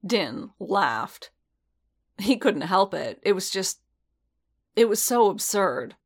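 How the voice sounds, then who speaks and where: Slow-reading woman narrator. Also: mid-range voice, very animated, slightly rough. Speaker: reader. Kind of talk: fan fiction audiobook narration.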